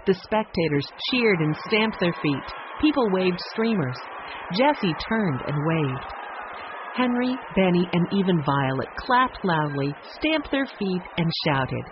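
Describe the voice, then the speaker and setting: An audiobook narrator reading a children's story in a scripted, expressive style, switching voices for the characters. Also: medium pitch, measured pace, highs cut off, slight background noise.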